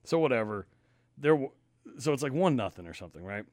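Man, podcast co-host, casual chat, swearing, very lively pitch, dry close sound. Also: fast, no room sound. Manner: swearing, animated storytelling.

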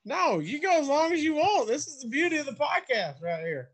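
Podcast host dude, pretty high voice, keeps laughing and egging the guest on. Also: male voice, sing-song. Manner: laughs often, prompts the guest with quick asides. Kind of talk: casual interview chat.

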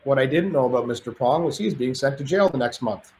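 A man's voice: mid-range voice, expressive, fast, darkish tone. A man telling stories as a podcast guest in a casual, rambling way, restarting his sentences often. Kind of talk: casual storytelling. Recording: roomy with faint noise.

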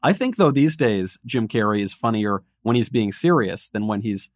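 A man's voice: on the low side, expressive, normal speed, no echo, studio quality. A man hosting a political podcast, bantering with his guest and reading out listener questions in an upbeat way. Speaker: podcast host. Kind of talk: casual political podcast chat.

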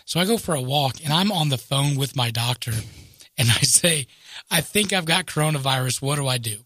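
Animated, bright-voiced man telling a story. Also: mid-range voice, brisk, dry recording, studio quality. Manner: animated, self-mocking, voices others in quotes. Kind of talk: casual storytelling.

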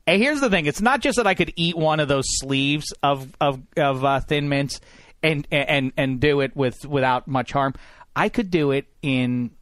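A man hosting a podcast, talking in animated, playfully indignant banter in a studio. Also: on the high side, normal speed, no room sound. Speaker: podcast host. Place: recording studio.

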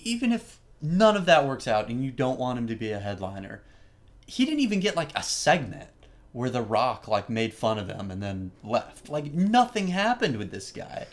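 Lively man telling a story. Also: medium pitch. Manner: animated storytelling, acts out quoted lines. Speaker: podcast co-host. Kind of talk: casual chat.

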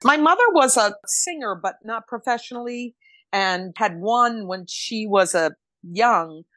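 A woman's voice: a little high, a little slow, fairly bright tone, no echo. An older woman from Rhode Island, a stage actress guesting on a podcast, talking candidly and bluntly in casual chat. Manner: blunt, candid, emotional storytelling.

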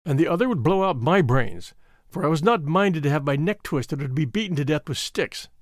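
A man narrating an adventure novel as an audiobook in an expressive, measured storytelling manner. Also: fairly high pitch, dry recording, clean studio sound.

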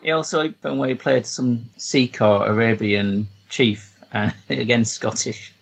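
A man co-hosting a podcast in casual film chat, halting and restarting sentences, with a dry wit. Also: medium pitch, fairly even intonation, gravelly, breathy edge, poor audio. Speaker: podcast co-host.

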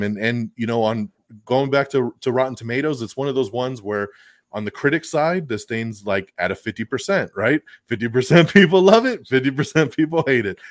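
A man hosting a podcast in a casual chat, animated and full of fillers, chuckling often. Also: mid-range voice, no room sound. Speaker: podcast host reviewing a film.

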